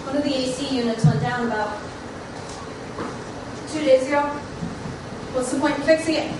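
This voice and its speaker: Woman, stage actor, high voice, wry, echoey hall, loud background noise. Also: normal speed, distant mic. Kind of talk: stage play acting.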